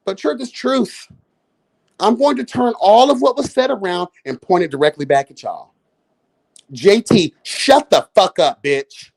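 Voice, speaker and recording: A man in his late thirties hosts a live review of a reality show. He rants in a sassy, profane, exasperated way. His pitch swoops up and down all the time. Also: lively intonation, a little slow, gravelly, a little mellow. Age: 30s. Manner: addresses listeners as girl and y'all.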